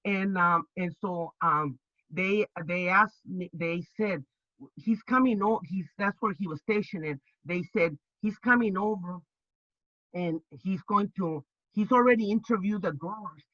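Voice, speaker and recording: An older woman, a labor organizer, telling her stories in an interview with lively energy, stumbling and restarting often and acting out the voices she quotes. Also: mid-range voice, dry recording, highs cut off. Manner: animated, halting with many restarts, acts out quoted voices. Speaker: labor organizer and activist guest. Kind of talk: storytelling interview.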